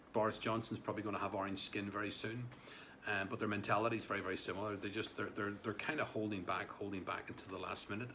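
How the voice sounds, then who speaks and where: Man, low voice, casual live-stream chat, rambling asides to viewers, faint background hum. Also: a bit bright. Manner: rambling, chatty, many restarts and asides to viewers. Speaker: live vlogger answering viewer comments.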